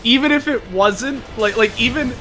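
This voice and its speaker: A man chatting casually as a guest on a stream, talking deliberately and hedging his points. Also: very high-pitched, pushed and bright, a little hiss or hum. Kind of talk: casual chat.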